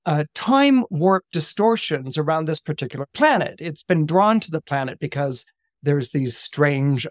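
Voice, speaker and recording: Animated higher-voiced male astrologer. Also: no echo, clean studio sound. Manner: animated retelling with fillers and restarts; acts out quoted characters in passing. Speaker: astrologer guest. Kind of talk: casual podcast storytelling.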